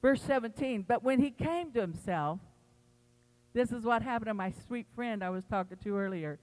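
A woman pastor preaching a sermon, telling the story with animated quoted voices. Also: on the high side, moderate pace, in a large hall, low-quality recording.

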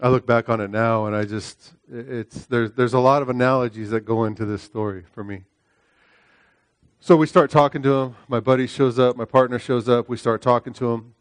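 A middle-aged male preacher delivering a sermon, leaning on repeated phrases and frequent "right?" checks. His voice moves between loud, high-pitched exhortation and hushed storytelling. The sound is dry and close, with no room echo. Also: fairly even intonation, fairly quick. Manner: emphatic, repeats phrases, asks "right?" often.

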